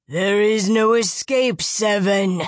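Woman doing a booming, menacing giant. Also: slow, dry recording, studio quality, lightly acted. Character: menacing huge male forest giant, hunting.

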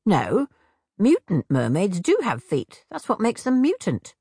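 A woman voicing an odd, talkative female hag from a storybook, rattling off brisk asides, with a gravelly, husky voice. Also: mid-range voice, wildly swooping pitch, dark tone, dry recording, studio quality, heavily acted. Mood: breezy.

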